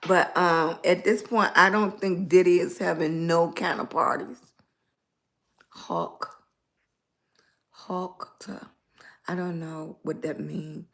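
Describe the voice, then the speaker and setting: A middle-aged woman with a Southern US accent and a slightly raspy voice, rambling in casual livestream chat and greeting viewers by name. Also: fairly low pitch, level tone, moderate pace, hardly any pauses, a bit bright. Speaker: lifestyle blogger live streaming.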